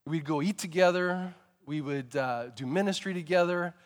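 A man preaching a sermon, telling stories in a lively way and sometimes rising to emphatic shouts. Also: on the high side, normal speed, in a large hall. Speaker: pastor.

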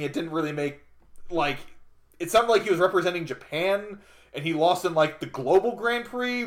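A man co-hosting a casual podcast chat, rambling and self-deprecating, with plenty of fillers and restarts. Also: sits high. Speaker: podcast co-host.

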